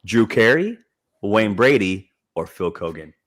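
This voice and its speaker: A man hosting a casual podcast chat, laughing often and talking in an animated, self-deprecating way. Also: lowish voice, measured pace. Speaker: podcast host.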